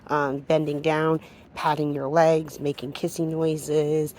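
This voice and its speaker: A woman with a low, deep-set voice works as a dog trainer in a hands-on demonstration. She explains steadily and cuts in with short, firm commands to the dog. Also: flat delivery, slow, darkish tone, slight background noise.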